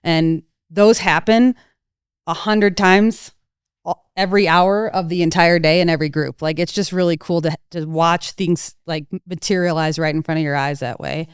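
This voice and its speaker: Very clear-voiced woman instructor, thoughtful. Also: on the low side, steady tone, no room sound, clean studio sound. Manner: thoughtful, slows down at points, light laughs. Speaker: snowmobile riding instructor. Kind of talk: casual podcast chat.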